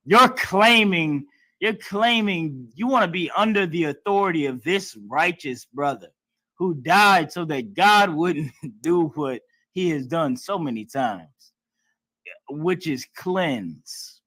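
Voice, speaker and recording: A man's voice: medium pitch, expressive, slow, a bit bright, no echo. Blunt, emphatic man preaching a lesson. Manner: emphatic, blunt, colloquial with occasional swearing; acts out other people's voices in mocking tones. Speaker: class teacher. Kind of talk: preaching lesson in casual speech.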